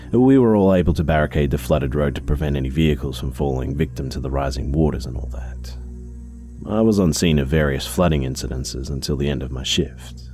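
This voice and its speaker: A man narrating a first-person story in a steady, measured reading. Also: a bass voice.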